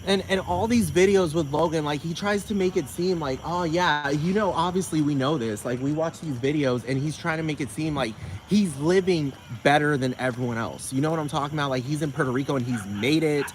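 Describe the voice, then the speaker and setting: A man ranting casually to camera as a vlogger, rambling and profane, often asking if you know what he's talking about, with his pitch shooting up when he gets riled. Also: fairly quick, few pauses, a little hiss or hum, rough recording.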